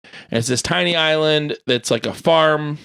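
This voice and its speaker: A man's voice: fairly high pitch, measured pace, creaky, smooth. Rambling male podcast host. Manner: rambling, animated storytelling with filler words. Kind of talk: casual chat.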